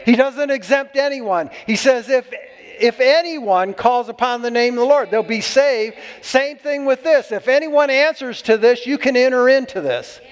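A man's voice: very high voice, normal speed, hardly any pauses, clear, resonant tone. A man preaching a sermon to a congregation, exuberant and whooping between points. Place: church hall. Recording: long hall reverb.

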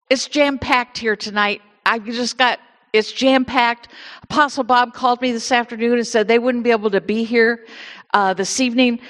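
High-voiced exuberant woman with Indiana accent. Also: fairly bright tone, in a large hall. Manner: exuberant, repeats words, laughs often. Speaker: minister leading a church service. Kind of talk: prayer and sermon. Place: church sanctuary.

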